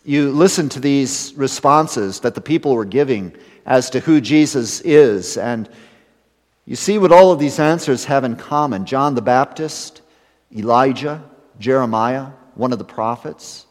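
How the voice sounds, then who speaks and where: A man preaching a sermon as pastor, building to emphatic rises and then dropping to hushed, serious lines. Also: medium pitch, measured pace. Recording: long hall reverb.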